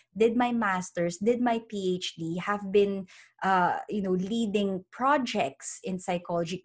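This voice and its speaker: A middle-aged woman speaks as a psychologist guest in a casual interview. Her voice sits at a mid pitch, and she explains her points earnestly, with many restarts and asides like "you know".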